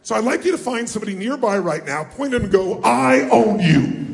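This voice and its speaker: A man giving a motivational seminar, rallying a live audience with questions and call-and-response, often shouting. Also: high voice, animated, fast. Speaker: motivational speaker. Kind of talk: live seminar address to a crowd. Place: large event hall with a live audience. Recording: echoey hall, faint ambience.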